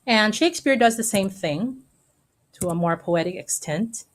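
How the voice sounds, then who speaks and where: A woman teacher giving a recorded online lesson to students, explaining step by step and checking in often with a quick "okay?". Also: medium pitch, lively intonation, slight background noise.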